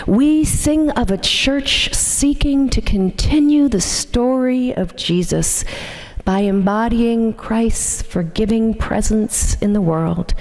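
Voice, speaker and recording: A woman minister preaches at an unhurried pace, her voice pitched a little high yet mellow and soft-edged. She tells her story in a measured, gentle way. Her words ring out with the long reverb of a church sanctuary. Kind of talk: sermon.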